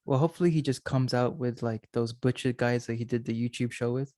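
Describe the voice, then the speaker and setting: A man's voice: medium pitch, steady tone, brisk, warm tone, no room sound, clean studio sound. A young man co-hosting a casual wrestling podcast with a friend, chatty and playful, cracking jokes. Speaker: podcast co-host. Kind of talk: casual chat.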